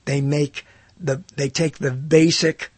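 An older man delivers a casual solo monologue on his own show, rambling loosely and doubling back on himself with wry asides. His slightly high voice has a husky edge and a darkish tone, and he speaks slowly in a level manner. The recording is dry and close, with no echo or room sound.

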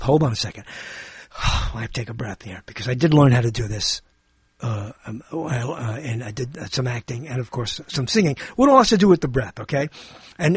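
A man's voice: mid-range voice, breathy edge, no room sound. An older man hosting a radio talk show in a rambling, theatrical monologue, repeating phrases and drifting between topics.

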